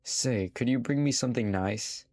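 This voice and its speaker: A man's voice: medium pitch, moderate pace, a little mellow, close to an everyday voice. A man reading aloud the lines of a vain, teasing female swamp fairy in a game. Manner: teasing, bargaining.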